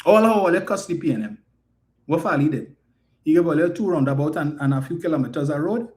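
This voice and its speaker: A man's voice: fairly high pitch, lively intonation, a little fast, darkish tone. A man with a Trinidadian accent giving an emphatic, indignant political commentary monologue full of rhetorical questions.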